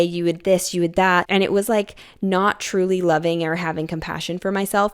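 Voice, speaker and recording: Young woman, podcast host, casual reflective talk, lots of "like", low voice, gravelly and smooth, dry close sound. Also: no room sound. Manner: heavy use of "like", quotes her own inner voice.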